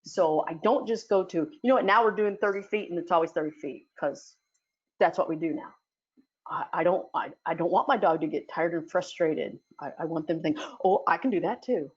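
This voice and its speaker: A woman's voice: on the low side, a little fast, husky, lo-fi sound. Chatty woman teaching dog training. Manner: chatty, with many fillers and restarts. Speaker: dog sport instructor. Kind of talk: casual teaching talk in an audio chat room.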